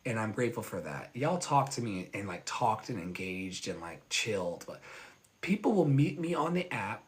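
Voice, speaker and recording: A man hosting a casual livestream as an online pastor, candid and animated, swearing freely and laughing often. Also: lowish voice, moderate pace. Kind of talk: casual livestream chat with viewers.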